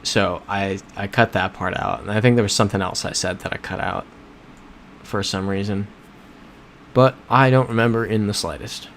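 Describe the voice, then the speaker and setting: A man's voice: lowish voice, fairly even intonation, normal speed, a bit bright, a little hiss or hum. A man hosting a casual livestream while playing a geography game, talking in a rambling, self-correcting way and answering chat. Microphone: desk microphone.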